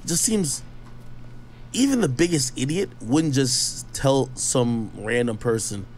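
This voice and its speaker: A man's voice: mid-range voice, expressive, measured pace, darkish tone, a little hiss or hum. A man reading news reports aloud and breaking off into casual, skeptical, slangy commentary. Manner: chatty, skeptical, slangy asides. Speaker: online commentator.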